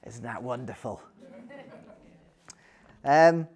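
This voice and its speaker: A man's voice: mid-range voice, animated, very slow. A man giving an illustrated history talk, conversational, with frequent ums and dry little asides. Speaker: lecturer.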